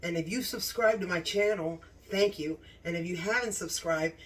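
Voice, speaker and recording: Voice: medium pitch, moderate pace, fairly bright tone, recorded from a distance. A home cooking channel host in a casual cooking vlog, gushing with enthusiasm about the food, recorded in a home kitchen.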